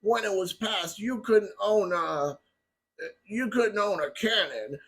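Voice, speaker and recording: A man putting on the voice of an elderly male politician, speaking in a halting, stumbling way. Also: high-pitched, fairly bright tone, exaggerated voice. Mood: mocking.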